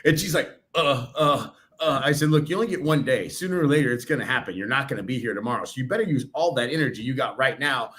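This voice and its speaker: A man's voice: medium pitch, lively intonation, racing, hardly any pauses, a bit bright. A man co-hosting a podcast, chatting casually, laughing often and swearing freely. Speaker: podcast co-host. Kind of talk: casual chat.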